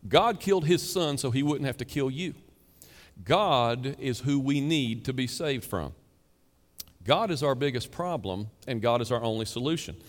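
Male preacher, mid-pitched voice, conversational but emphatic delivery, rhetorical questions, long hall reverb. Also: lively intonation, normal speed. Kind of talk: sermon.

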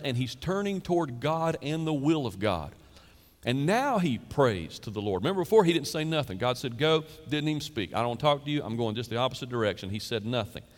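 A man in his fifties, a pastor, preaching a sermon in a chatty, storytelling way with quick asides. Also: medium pitch, big-room sound. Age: 50s.

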